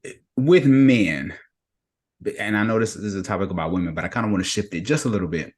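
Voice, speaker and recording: A low-voiced man hosts a podcast, asking his guest questions in an easygoing, conversational way. He sometimes hesitates with fillers as he feels for the right word. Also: animated, brisk, a little mellow. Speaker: podcast host.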